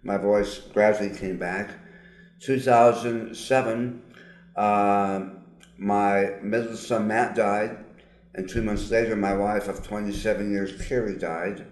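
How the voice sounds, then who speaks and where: Brief: older man with lowish voice and slightly altered diction from surgery, earnest testimony, roomy echo. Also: steady tone. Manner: earnest, emphatic, with frequent pauses and fillers. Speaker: guest, psychologist. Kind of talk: personal testimony in an interview.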